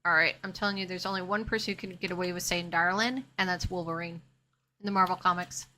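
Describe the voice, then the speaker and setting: A woman's voice: lowish voice, steady tone, fast, sharp tone, slight background noise. A woman streaming a game live, chatting casually with her viewers and talking herself through what she is doing. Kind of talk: casual live-stream chat while playing.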